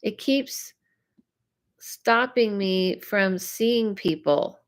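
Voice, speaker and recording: Slow-talking chatty woman psychic. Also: medium pitch. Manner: chatty, reacts to viewer comments aloud. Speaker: psychic medium host. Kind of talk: live-stream reading chat.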